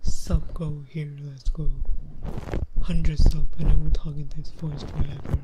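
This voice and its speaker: A hyped-up, deep-voiced dude streamer who booms and swaggers through his lines, caught on noisy stream audio. A woman puts this voice on as a joke. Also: little pitch movement, a little slow. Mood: hyped bro.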